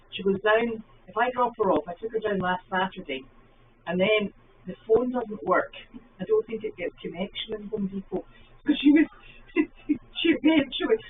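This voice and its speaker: A woman's voice: mid-range voice, a little hiss or hum. A middle-aged Scottish woman hosting a livestream, telling rambling anecdotes and answering viewers' comments in casual chat. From Scotland. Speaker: livestream host. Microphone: phone livestream. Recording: phone-like sound from a distance.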